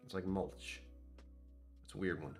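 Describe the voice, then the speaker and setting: Low-voiced man rambling through a whiskey tasting. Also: steady tone, a little slow, vocal fry, faint music behind. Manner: rambling, self-deprecating, thinks aloud. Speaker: whiskey reviewer. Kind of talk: casual whiskey tasting vlog.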